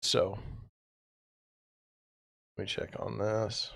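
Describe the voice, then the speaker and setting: A man with a low, gravelly voice hosts a casual real estate livestream. He rambles from gripe to gripe in an exasperated, sarcastic tone and sounds tired. The recording is dry and close, with no room echo. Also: flat delivery, very slow, fairly bright tone. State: tired, yawning.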